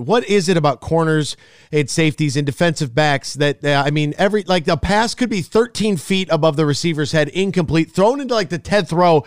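Animated sports radio host, fairly high. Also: male voice, no echo, clean studio sound. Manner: animated, emphatic questioner.

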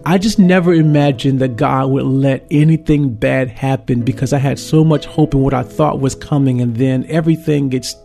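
A man from St. Louis gives a personal faith testimony in a warm, mellow voice. He tells it earnestly and from the heart, with plenty of ums, as a worship leader would. A faint bed of music plays under him. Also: mid-range voice. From St. Louis, Missouri, USA.

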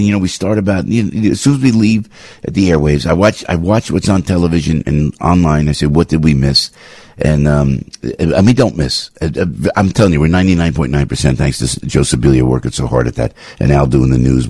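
A man's voice: rumbling low, darkish tone, breathy edge, no echo, clean studio sound. A man hosting a talk radio show, giving rambling, indignant commentary with lots of restarts.

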